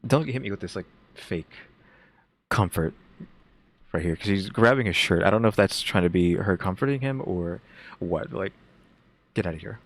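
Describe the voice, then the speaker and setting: A man co-hosting a reaction video, thinking aloud in a halting, casual way with frequent restarts. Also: low voice, vocal fry. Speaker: reaction co-host.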